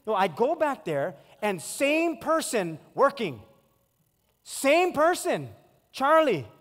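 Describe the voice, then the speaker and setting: Pastor, 40s, storytelling sermon, high pitch, reverberant sanctuary. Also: male voice, slow pace. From Hawaii. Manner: storytelling, animated acted-out quotes. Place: church sanctuary. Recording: long hall reverb.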